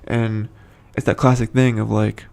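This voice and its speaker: A man's voice: on the low side, level tone, a little slow, creaky, darkish tone. A man giving a casual, rambling recap of a TV episode, full of fillers and restarts, with the odd chuckle. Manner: chuckles between points. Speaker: show commentator.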